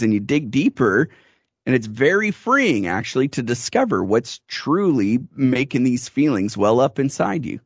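A man's voice: mid-range voice, big pitch swings, moderate pace, slightly rough, no echo, highs cut off. A man in casual conversation about marriage, reflective and laughing often.

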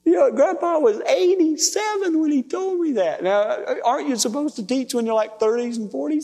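A man preaching, telling a personal story in a folksy, emotional, animated way. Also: extremely high pitch, moderate pace, hardly any pauses. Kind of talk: sermon storytelling. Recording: long hall reverb.

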